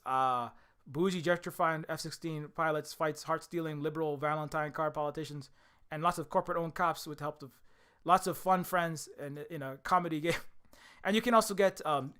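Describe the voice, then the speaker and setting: A young man and indie game developer talks fast in rambling commentary, full of restarts and fillers. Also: a little high, fairly bright tone.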